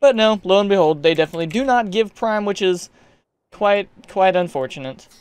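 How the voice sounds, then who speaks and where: A man hosting a gaming channel, chatting to himself in let's-play commentary with excitable outbursts. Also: high-pitched, fairly quick, smooth, no echo. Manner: chatty, talking to himself while playing.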